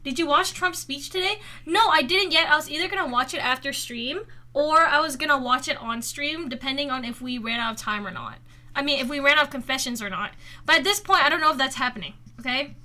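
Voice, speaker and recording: A woman's voice: high voice, brisk, bright, forceful tone. A woman livestreamer chatting casually with her viewers, teasing and giggly with a playfully sarcastic edge, speaking into a desk microphone at home. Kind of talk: casual chat with live viewers.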